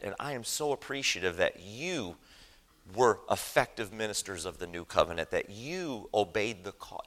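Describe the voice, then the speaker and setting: An earnest man preaches in a church with a bright, forceful delivery. His voice sits on the low side, and he keeps checking in with the congregation as he drives his points home. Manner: earnest, emphatic, asks the congregation "right?". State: choked up with emotion. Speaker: lay preacher. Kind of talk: sermon.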